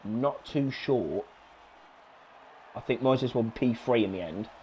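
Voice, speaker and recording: A young man giving live sim-racing commentary, excitable, swearing and shouting encouragement at the drivers. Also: mid-range voice, a little slow, dull audio, slight background noise. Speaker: race commentator.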